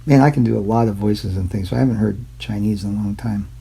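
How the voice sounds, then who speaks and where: A man's voice: fairly low pitch, fast, gravelly, dark tone, husky, poor audio. A man hosting his own channel, rambling casually and irreverently about old maps, swearing and mocking himself. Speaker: YouTube channel host.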